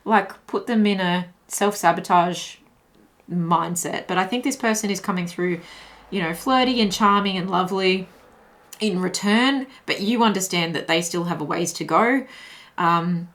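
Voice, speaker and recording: A woman talks through a tarot reading in a mid-pitched voice. She chats and thinks aloud as she goes, restarting phrases and filling pauses with ums and likes. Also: fairly bright tone. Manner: chatty, thinks aloud with many fillers and restarts. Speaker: tarot reader. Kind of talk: intuitive tarot reading to camera.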